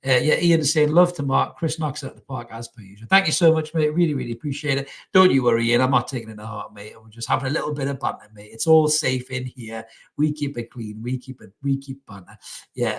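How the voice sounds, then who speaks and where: A young man talks football on his own show, chatting with the viewers. His voice sits at an ordinary middle pitch. He is blunt and sweary, with plenty of laddish banter. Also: fast talker. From North East England. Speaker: podcast host. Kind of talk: casual live-stream football chat.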